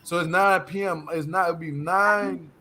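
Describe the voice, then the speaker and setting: A young man, hosting a casual live reality TV review. He talks in an animated, slangy way and often laughs. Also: sits high, a little slow, slight background noise. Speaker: host of a reality TV review channel. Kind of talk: casual live-stream chat.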